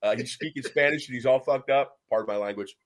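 A man's voice: medium pitch, fast talker. A man hosting a casual interview, chatty, jumping in with questions and asides. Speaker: host.

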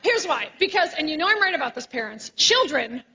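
Brash high-voiced woman doing stand-up. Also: very animated, brisk. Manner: brash, teasing the audience, swearing. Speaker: stand-up comedian. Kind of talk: live stand-up set. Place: stage before a live audience. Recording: dull live recording with loud crowd noise.

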